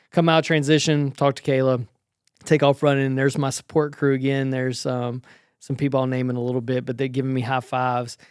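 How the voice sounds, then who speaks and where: Man in his forties, casual race recap, chatty, self-deprecating, mid-pitched voice, dry close recording. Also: level tone, fairly quick, darkish tone, clear, resonant tone, no echo. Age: 40s. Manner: chatty, self-deprecating, lots of ums and restarts.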